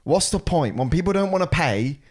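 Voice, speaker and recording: A young man co-hosting a laid-back podcast, his pitch swinging up and down as he tells his stories. He laughs often and slips into a gruff voice when he quotes people. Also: lively intonation, fairly quick, a little mellow. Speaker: podcast co-host. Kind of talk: casual chat.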